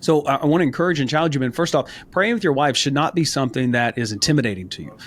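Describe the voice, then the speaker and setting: A man's voice: mid-range voice, very fast. A man co-hosting a men's faith podcast, talking in an earnest, encouraging way and telling stories from his experience. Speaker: podcast co-host. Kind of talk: casual faith podcast talk.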